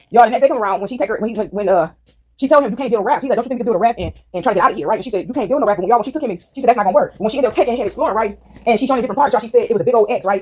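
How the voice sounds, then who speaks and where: A woman casually retelling a movie plot to her listeners, animated and laughing often. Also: mid-range voice, slightly rough.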